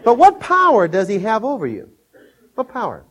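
Folksy older male preacher, slightly high voice. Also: wildly swooping pitch, moderate pace, a bit bright. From Minnesota, USA. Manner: storytelling, chuckles often, acts out scenes in a raised voice. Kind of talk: sermon with folksy stories.

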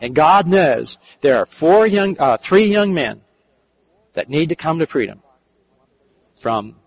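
An older man delivers a sermon as a story. His voice sits somewhat high, and he talks earnestly, repeating and restarting phrases as he goes. In the tender passages he drops to a soft, quiet tone. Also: expressive, takes it slowly, poor audio. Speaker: preacher and counselor.

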